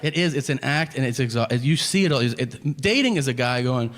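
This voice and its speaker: A man's voice: mid-range voice, quick pace, few pauses. A stand-up comedian in his thirties telling a profane story on stage, acting out both sides of a conversation. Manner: animated, profane storytelling with acted-out dialogue. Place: comedy club stage before a laughing audience. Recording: reverberant venue with crowd noise.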